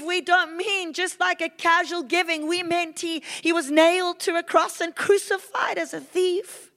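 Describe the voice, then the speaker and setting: A woman from Africa, preaching a sermon with intense, fervent energy that swings between loud declarations and quiet confession. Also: high-pitched. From South Africa.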